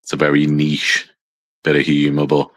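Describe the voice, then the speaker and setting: A man's voice: very deep voice, completely flat delivery, normal speed. A man with a mild northwest English accent from near Liverpool, hosting a casual livestream with dry, self-deprecating teasing and swearing. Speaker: livestream host. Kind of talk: casual banter to a small live chat.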